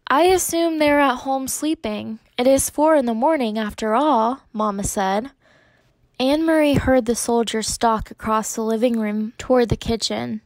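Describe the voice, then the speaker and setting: A woman's voice: fairly high pitch, darkish tone, no echo. A woman teacher reading a chapter book aloud to her class, giving the characters light voice shifts. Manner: gives the characters small voice shifts, mostly in her own voice. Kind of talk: read-aloud storytelling.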